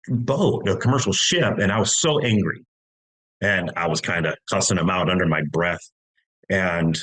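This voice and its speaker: A man's voice: on the low side, rough recording. A middle-aged American man telling a long story in casual talk, long-winded with many restarts. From United States. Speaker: podcast guest.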